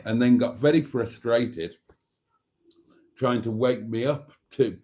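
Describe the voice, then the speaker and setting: A man's voice: medium pitch, slow pace, long pauses, dark tone. Man reading his live chat. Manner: reads viewer comments aloud, chuckling often. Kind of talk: casual live stream chat.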